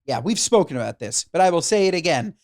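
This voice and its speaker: Lively enthusiastic male podcast co-host. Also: fairly high pitch, fast, no echo, studio quality. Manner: animated, enthusiastic about food. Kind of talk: casual chat.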